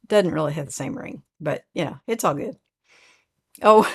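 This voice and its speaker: An older woman with an Oklahoma twang hosts a casual livestream, rambling as she chats and reads viewer comments aloud. Her voice is medium-pitched and expressive, with a measured pace.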